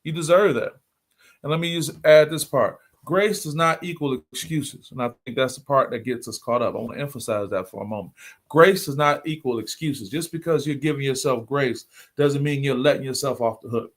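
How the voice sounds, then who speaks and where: A middle-aged man hosts a motivational talk at an even, mid-range pitch. He speaks earnestly and comes back to his key points to drive them home. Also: brisk. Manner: earnest, repeats key points for emphasis, greets viewers by name. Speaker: motivational livestream host.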